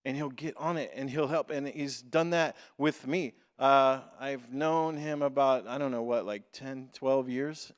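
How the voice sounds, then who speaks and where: A man, a pastor, giving an informal, joking introduction at church, halting with lots of fillers. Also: mid-range voice, clean tone. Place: church sanctuary. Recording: long hall reverb.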